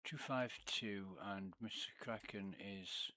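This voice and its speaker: A man chatting casually on a game livestream, telling a rambling, profane story, often trailing off into low mumbles. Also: slow, pushed and bright. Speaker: game streamer.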